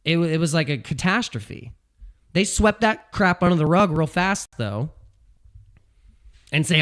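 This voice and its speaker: A man giving casual commentary as a video host, animated and ranting, repeating phrases and laughing at his own jokes. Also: on the high side, a little slow, long pauses. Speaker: crypto YouTuber. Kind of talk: casual talking-head commentary.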